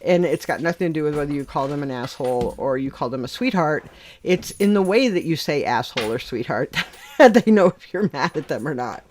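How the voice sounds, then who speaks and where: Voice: medium pitch, animated, a little fast, darkish tone, slight background noise. A livestream host who chats casually and bluntly, swearing freely and laughing often.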